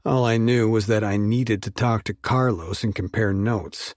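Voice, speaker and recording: A male audiobook narrator reading in a measured, steady first-person voice. His pitch sits low and his pace is unhurried, recorded dry and close. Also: dry recording.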